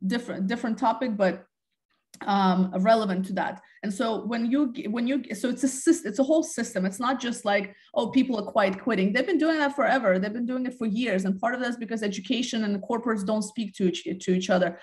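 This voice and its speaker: A woman's voice: a little high, a little fast, darkish tone. Woman guest talking through ideas. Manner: thoughtful, restarts phrases often. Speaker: podcast guest, talent development head. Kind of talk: conversational interview.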